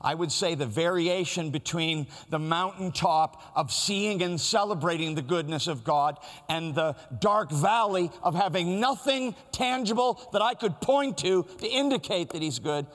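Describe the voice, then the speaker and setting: A man's voice: fairly high pitch, expressive, normal speed, hardly any pauses, a bit bright, big-room sound. A man preaching a sermon in a church, in a conversational, storytelling way. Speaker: pastor.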